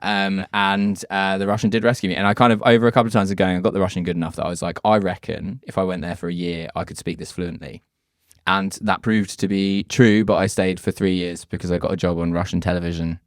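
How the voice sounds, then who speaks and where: A man's voice: low-pitched, steady tone, fast talker, dry recording, studio quality. A man guesting on a podcast as a comedian, telling rambling, self-deprecating stories in casual chat.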